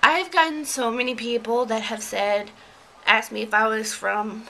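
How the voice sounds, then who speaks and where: Bright-voiced chatty young woman vlogger. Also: on the high side, fairly even intonation, a little slow, creaky, slight background noise, low-quality recording. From Georgia, US. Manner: chatty, rambling with many fillers and laughs. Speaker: beauty vlogger. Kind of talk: casual tag video chat.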